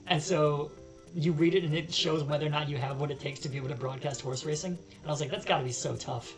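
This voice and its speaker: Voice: medium pitch, level tone, quick pace, faint music behind, poor audio. A let's-play host reading game text aloud with joking asides. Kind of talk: casual game commentary.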